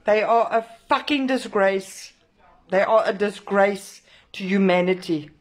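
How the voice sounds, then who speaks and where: A woman's voice: mid-range voice, measured pace. A woman, an angry protest organiser shaken after a clash, ranting to camera with heavy swearing and emphatic repetition. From South Africa. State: emotionally shaken. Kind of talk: angry direct-to-camera rant.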